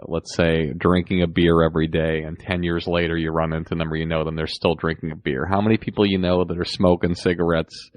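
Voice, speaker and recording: A man with a very deep voice hosts a relaxed podcast conversation and talks in a measured, thoughtful way. The sound is close and dry, with no room echo. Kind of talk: casual podcast chat.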